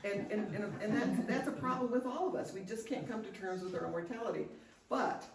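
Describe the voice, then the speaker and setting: A woman's voice: mid-range voice, fairly quick, crowd noise. An older woman speaking at a seminar, sharing personal stories in an earnest way with frequent restarts. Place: seminar room. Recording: echoey room, distant mic.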